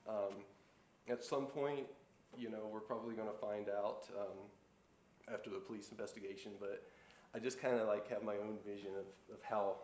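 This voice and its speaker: A man's voice: lowish voice, steady tone, normal speed, a little mellow. Man, stand-up comic, laid-back rambling delivery, echoey live room. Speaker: stand-up comedian. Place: live studio stage. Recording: roomy live stage sound with faint noise.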